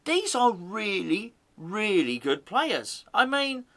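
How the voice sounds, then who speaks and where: A man's voice: high-pitched, big pitch swings, slow, a bit bright. A man hosting a fan channel, rambling and joking in casual football chat, often correcting himself mid-sentence. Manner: rambling, jokey, self-correcting.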